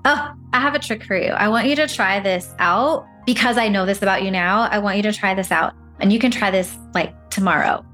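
A woman's voice: medium pitch, a little fast, hardly any pauses, fairly bright tone, soft background music. A woman speaking as a career break coach in an interview, giving encouraging advice and acting out little inner voices.

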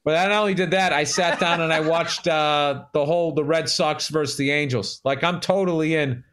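Man, slightly high voice, casual chat, animated, swears a lot, sports rant. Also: moderate pace. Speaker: podcast co-host.

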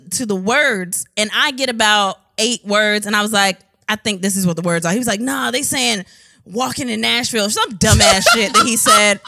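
A woman's voice: a little high, bright, forceful tone, no echo. A woman co-hosting a casual chat, telling a story with lots of profanity and acted-out quotes. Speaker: podcast co-host.

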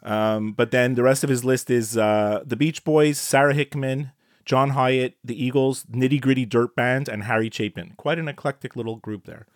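An excitable man co-hosting a podcast, stumbling and restarting as he talks, laughing along the way. His voice sits at an ordinary middle pitch and is recorded close and dry, with no room sound. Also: moderate pace, no room sound. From Canada. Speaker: podcast co-host. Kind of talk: casual chat.

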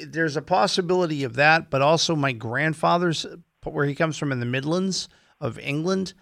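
Gravelly relaxed man explaining on radio. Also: on the high side, moderate pace, no echo, clean studio sound. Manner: relaxed, explanatory, laughs easily. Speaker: guest genealogist. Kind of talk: radio guest chat.

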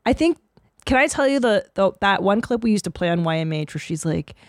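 A woman co-hosting a podcast talks in a blunt, bawdy, animated way. Her pitch sits at an everyday middle, and the recording is dry and close, with no room sound. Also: brisk, no echo. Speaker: podcast co-host. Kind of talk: casual chat.

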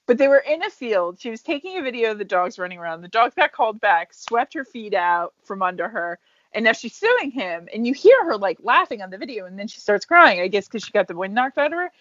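A woman's voice: fairly high pitch, big pitch swings, fairly quick, a bit bright, no echo. A young woman co-hosting a podcast, chatting casually and animatedly, laughing often and acting out quoted voices. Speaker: podcast co-host. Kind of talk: casual chat. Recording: dull, dry home podcast audio.

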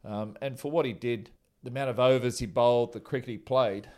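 Relaxed man, forties, yarn-spinning interview guest, mid-pitched voice, easygoing delivery. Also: fairly quick. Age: 40s. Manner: chatty and laid-back, with many restarts. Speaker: former teammate telling stories. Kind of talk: casual anecdotal interview.

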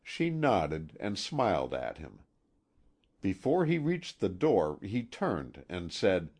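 A man narrating a classic novel aloud in a measured, expressive way. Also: sits low. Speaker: audiobook narrator.

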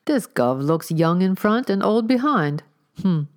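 A woman doing a slow, gruff old-time constable. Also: mid-range voice, very animated, pitched above the performer's own voice. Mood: muttering. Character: gruff working-class male London constable.

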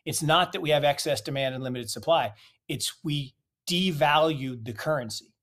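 A man's voice: a little high, normal speed, fairly bright tone. A man giving opinionated market commentary in an interview, emphatic and fond of rhetorical questions. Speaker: guest commentator.

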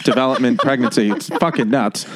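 This is a man, spinning a story as a guest on a casual podcast. His pitch sits in a middle range, and he talks in an animated, cursing way, tripping over restarts as he builds the tale. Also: a little fast, slight background noise. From New York City. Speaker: comedian guest.

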